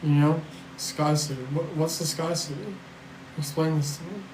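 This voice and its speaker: A man chatting casually on a livestream, rambling and blunt with a fair bit of swearing, reading out questions from chat and answering them. He sounds worn out. His voice sits a bit high for a man and is caught in an echoey room with a faint hiss underneath. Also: steady tone, moderate pace, darkish tone. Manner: rambling, blunt and profane, with restarts and sarcasm. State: tired. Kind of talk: casual live-stream chat.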